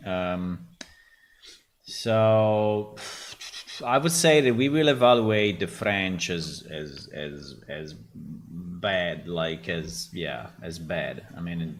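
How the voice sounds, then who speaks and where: Slow, low-voiced hesitant developer. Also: male voice, slight background noise. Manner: thinking aloud, hesitant, many restarts and fillers. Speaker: game developer. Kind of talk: casual livestream talk.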